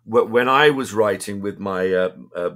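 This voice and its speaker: An older English man from Birmingham, an actor, telling relaxed anecdotes in a casual interview. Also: fairly low pitch, moderate pace. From England, Birmingham. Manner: relaxed anecdotal storyteller, self-deprecating. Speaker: actor guest. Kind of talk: casual interview chat, storytelling.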